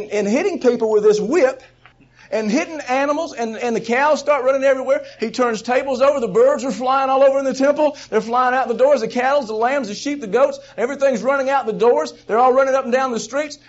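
High-voiced preacher, dull lo-fi recording. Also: male voice. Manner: animated storyteller, swings from quiet asides to loud shouting; chuckles often between points. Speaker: preacher teaching a Bible session. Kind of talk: sermon teaching.

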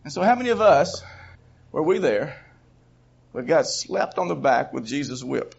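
A man preaching a sermon, an animated storyteller who chuckles between points and swings from quiet asides to loud bursts. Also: a little high, moderate pace, vocal fry, slightly rough. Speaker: preacher teaching a Bible session. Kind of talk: sermon teaching. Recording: dull lo-fi recording.

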